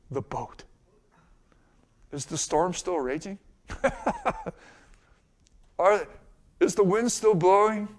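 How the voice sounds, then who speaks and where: A man pastor preaching a sermon, asking the congregation rhetorical questions and swinging between hushed and loud passages. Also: high voice.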